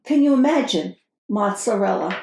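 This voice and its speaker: An exasperated, fussy Brooklyn wife with a thick put-on New York accent, played by a woman. Her voice sits fairly high as she complains in animated bursts. The sound carries a roomy echo. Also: moderate pace. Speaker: podcast co-host in character. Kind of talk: improvised comedy sketch.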